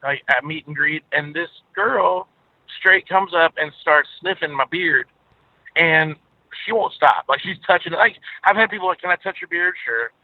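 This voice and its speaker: A man from Texas with a Southern drawl, chatting as an interview guest. He tells stories in a relaxed way with plenty of uhs. His voice comes through a thin, tinny phone line with a dry, close sound. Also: on the high side, moderate pace, no echo. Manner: easygoing storyteller, many filler uhs. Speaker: guest musician. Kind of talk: casual interview over the phone.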